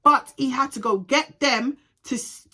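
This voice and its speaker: Young woman vlogger, fired-up storyteller, sharp bright tone, swears freely and mixes in Jamaican patois slang. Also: sits high, a little slow, breathy edge. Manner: animated, ranting, heavy swearing. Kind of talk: storytime vlog.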